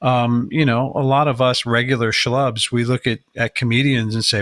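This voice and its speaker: Relaxed man co-host, dry sound. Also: mid-range voice, moderate pace, dry recording. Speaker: podcast co-host. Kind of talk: casual podcast conversation.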